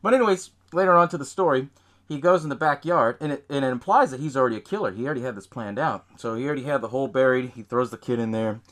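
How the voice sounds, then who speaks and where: A man's voice: medium pitch, fast talker, fairly bright tone. A man hosting a podcast, casually recapping a horror film in a rambling, profane way. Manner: rambling, profane, laughs at own retelling. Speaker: podcast host.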